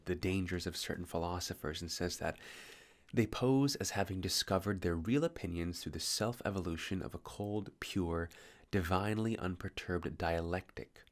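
A man with a very low, gravelly voice sounds tired and slurs his words slightly. He rambles through a late-night philosophical monologue, musing, pausing and correcting himself.

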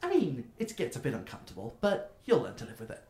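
A man's voice: medium pitch, huge pitch swings, fast, a little mellow, slight background noise. A man voicing a cheerful young female gnome driver who is bubbly and welcoming. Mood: chatty. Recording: roomy echo.

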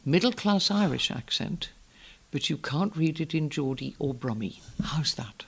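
Gravelly older woman, Northern educated accent. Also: low voice, lively intonation. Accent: Northern educated English. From Northeast England. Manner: articulate, emphatic, measured. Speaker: interviewee. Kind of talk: reflective interview talk.

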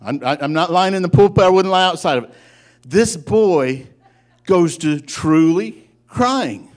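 A man preaching a sermon, telling a folksy story in an animated way and often breaking off to restart his sentences. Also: high voice, measured pace. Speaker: pastor.

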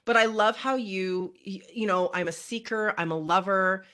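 A woman co-hosting a casual chat in a relaxed, loose way. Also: medium pitch, normal speed, smooth.

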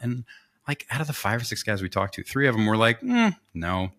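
A man's voice: medium pitch, brisk. A man co-hosting a podcast, telling a story in casual chat, acting out what others said with joking asides. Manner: animated, acts out quoted voices, joking asides. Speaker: podcast co-host.

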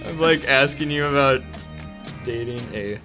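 A man's voice: medium pitch, over music. A man co-hosting a podcast in casual chat, teasing his friend and laughing easily. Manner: giggly, teasing, quick to laugh. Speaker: podcast co-host.

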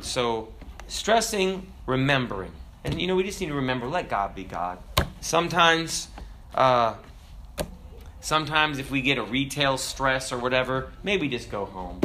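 A man preaching a conversational sermon, quoting scripture and tossing in asides and tag questions, with big swings in pitch and loudness. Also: slight background noise. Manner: dramatic swings in pitch and volume.

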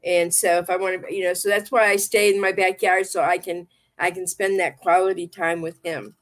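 A woman's voice: on the low side, fairly even intonation, a little fast. A woman hosting a casual livestream chat and reading tarot cards, talking in a rambling, affectionate way and often repeating herself. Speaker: livestream talk show host and tarot reader.

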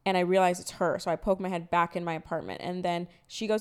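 A woman in her twenties co-hosting a podcast, chatting casually and telling animated stories with acted-out quotes. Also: lowish voice, fast talker, hardly any pauses, smooth. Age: 20s. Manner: animated storytelling, acts out quotes. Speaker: podcast co-host. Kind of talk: casual chat.

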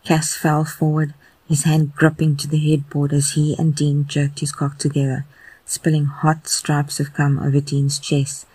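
Fan fiction podcast narrator; slow and husky, dark, dry recording. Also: mid-range voice, no room sound. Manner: slow, even, intimate reading. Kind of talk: audio fan fiction reading.

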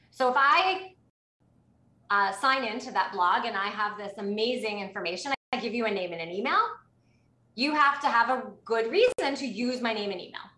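A woman speaking a little higher than most, explaining rules clearly and with emphasis. Her voice is bright and forceful. The recording carries a noticeable room echo. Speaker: privacy expert guest. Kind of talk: explaining on a webinar.

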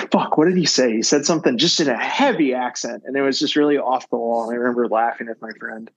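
A man's voice: mid-range voice, fast, no room sound, poor audio. A man on a podcast telling rambling, profane anecdotes in casual chat. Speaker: podcast co-host.

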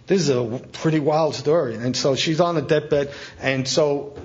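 A man preaching a sermon as a Catholic priest, telling stories in a colloquial, animated way with emphatic asides. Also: on the high side, normal speed. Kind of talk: storytelling sermon. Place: talk at a conference event. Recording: dull lo-fi event recording.

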